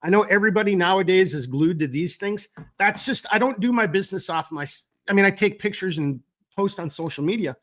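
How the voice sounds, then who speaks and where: A man's voice: high voice, a little fast, a bit bright. A man with a cold hosting a live stream, reading viewer comments in a rambling, casual way with frequent fillers and some cursing. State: fighting a cold. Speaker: gear company owner hosting a live stream.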